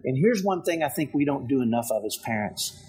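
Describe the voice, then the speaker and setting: A man giving parenting advice in an energetic motivational talk, often checking in with "right?". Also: mid-range voice, a little fast, a little hiss or hum, low-quality recording. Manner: energetic, keeps asking "right?".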